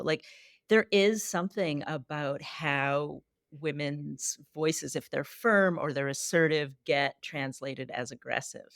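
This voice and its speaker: A woman from Canada speaks as a guest on a podcast. Her voice sits low and she talks in a thoughtful, measured way with light laughs. The sound is close and dry. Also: no echo. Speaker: guest, psychologist and author. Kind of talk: casual interview.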